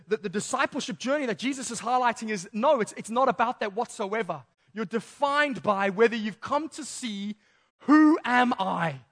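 Young male youth preacher, very high voice, lively and casual, acts out scenes. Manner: lively, acts out Bible characters in slangy voices. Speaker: youth pastor. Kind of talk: sermon.

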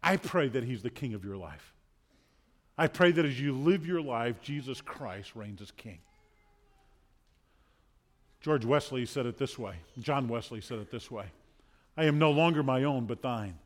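A man's voice: mid-range voice, animated, unhurried, pauses often. A man preaching a sermon as pastor, telling stories earnestly and repeating words when he presses a point. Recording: long hall reverb.

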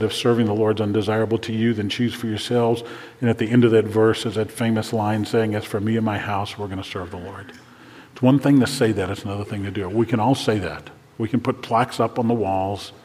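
An older man preaching a sermon to fathers, earnest and dropping to a hushed voice when praying. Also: on the low side, in a large hall. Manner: earnest, drops to a hushed voice for prayers. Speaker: pastor.

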